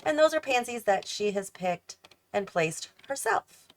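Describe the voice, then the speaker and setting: A woman's voice: medium pitch, expressive, a little slow. A tired, yawning woman chatting casually as she builds a house in a game, thinking aloud and questioning her own choices as she goes. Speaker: host of a gaming channel.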